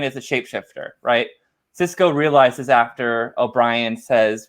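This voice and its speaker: A man hosting a casual podcast, recapping scenes in a relaxed, loose way. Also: medium pitch, normal speed.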